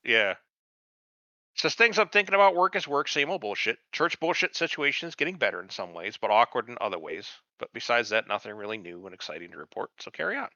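A man's voice: mid-range voice, expressive, fast, bright, forceful tone, dry recording. A man co-hosting a podcast in casual chat, rambling and swearing a lot. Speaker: podcast co-host. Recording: dull dry lo-fi sound.

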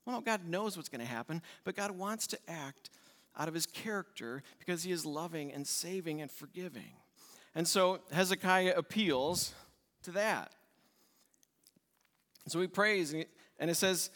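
A man's voice: a little high, a bit bright. A male pastor preaching a sermon with emphatic delivery, repeating key words in lists. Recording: long reverb in a church hall.

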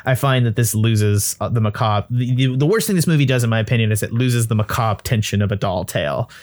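A man's voice: medium pitch, a little fast, a little mellow. A young man hosting a podcast, reviewing a film in casual, rambling talk with lots of swearing and laughter. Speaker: podcast host.

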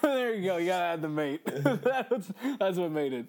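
An excitable man talks through a video game with a co-host, swearing freely and laughing between thoughts. His voice sits a bit high and swings widely as he gets worked up. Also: normal speed. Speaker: let's play co-host. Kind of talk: casual gaming chat.

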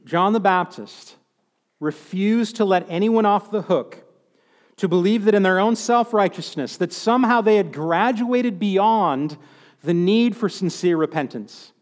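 Male preacher, high voice, chatty sermon with wry asides; long hall reverb. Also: measured pace. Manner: conversational, with joking asides.

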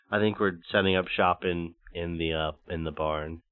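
A man's voice: low voice, fairly even intonation, moderate pace, hardly any pauses, clear, resonant tone, dry recording. A man playing a tabletop game, sounding flustered and exasperated. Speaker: player. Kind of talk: casual tabletop play. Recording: phone-like online call audio.

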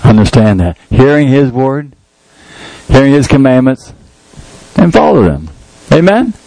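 A man's voice: medium pitch, very animated, unhurried, dark tone, no room sound, low-quality recording. A man giving an informal, folksy sermon, joking about himself and reading scripture aloud. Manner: folksy, jokey, laughs at himself, quotes scripture. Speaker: lay preacher.

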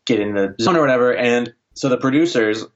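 A podcast co-host sharing film trivia in casual chat, relaxed, with many fillers. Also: medium pitch, fairly quick, highs cut off.

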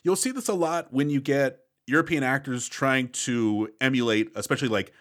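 A man's voice: medium pitch, normal speed. A man co-hosting a movie podcast in casual chat, opinionated, with exasperated asides. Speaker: podcast co-host.

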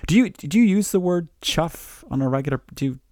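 A man's voice: on the high side, lively intonation, fairly quick, a little mellow, no echo, studio quality. A man co-hosting a casual anesthesia podcast, telling stories in a cheerful, upbeat way. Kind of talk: casual chat.

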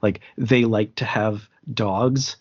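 A podcast co-host chats casually about films in a lowish, husky voice, keeping a steady tone and taking his time. He rambles, restarting often and leaning on fillers. The lo-fi recording sounds slightly muffled.

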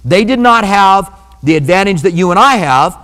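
A man's voice: high-pitched, lively intonation, normal speed, a bit bright, in a large hall. A man preaching a sermon as pastor, in a conversational manner with humorous asides.

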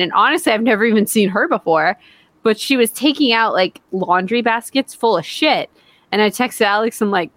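A woman's voice: mid-range voice, dry recording. Blunt, swearing woman podcast co-host. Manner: blunt, swears, acts out quotes in voices. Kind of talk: casual chat.

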